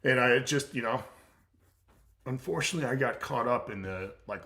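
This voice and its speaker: This strength coach, a middle-aged man from the US, takes viewer questions during a laid-back livestream. His voice sits at a medium pitch with a pushed, bright quality, and he talks at normal speed, blunt and repetitive, with plenty of "uh" fillers.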